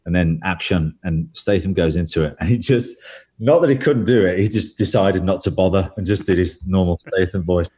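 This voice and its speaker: A man's voice: sits low, moderate pace, warm tone. A man telling rambling, self-deprecating stories as a guest in a casual interview.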